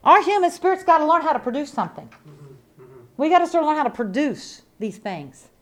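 Woman, high pitch, preacher, sermon, emphatic, folksy, repetitive. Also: big pitch swings, brisk. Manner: emphatic, repetitive preaching with swings from loud to soft; folksy, conversational asides to the congregation.

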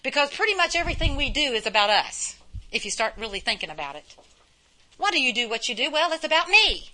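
A woman's voice: high voice, sing-song, fast talker, bright, forceful tone. A middle-aged woman preaching a sermon in a folksy way, full of rhetorical questions and repetition.

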